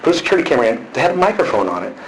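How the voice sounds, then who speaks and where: A man's voice: medium pitch, very animated, racing. A man talking anxiously at a police station, rambling with many fillers and restarts. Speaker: complainant. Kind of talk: casual conversation. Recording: noisy, echoey room from a distance.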